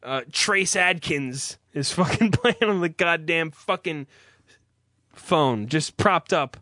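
A man's voice: fairly high pitch, slow, pushed and bright, dry recording, clean studio sound. A young man hosting a podcast, ranting in an irritated, profane, unscripted way, then reading an ad. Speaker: podcast host. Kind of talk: profane rant and ad read.

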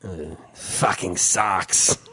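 A man putting on a Russian accent as a grumpy young student who says everything sucks, slow and emphatic. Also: deep voice, sharp tone, slightly rough, no room sound, pitched below the performer's own voice, exaggerated voice. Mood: dismissive.

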